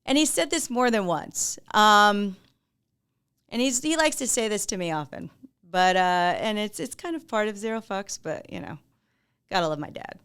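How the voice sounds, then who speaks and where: Woman podcast host with a smooth voice, mid pitch, candid and loose, laughs often. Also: expressive, normal speed. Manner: candid, warm-hearted, laughs often, swears freely. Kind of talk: casual monologue to listeners.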